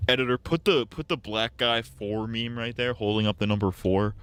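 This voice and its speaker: A man's voice: medium pitch, moderate pace, fairly bright tone, clean tone. A man casually commenting on a story game during a live stream, crude and joking, laughing often.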